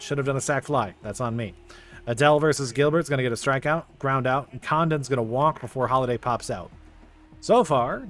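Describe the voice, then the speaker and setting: A young man narrating his baseball video game play by play, quickly getting frustrated at the game. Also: mid-range voice, a bit bright. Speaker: gaming YouTuber. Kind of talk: casual video game commentary.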